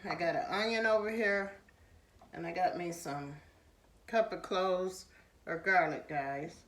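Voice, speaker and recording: A woman's voice: medium pitch, echoey room, far from the mic, a little hiss or hum. A woman hosting a cooking channel, giving a casual, homey cooking demonstration in her kitchen and often calling the viewers "guys". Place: home kitchen.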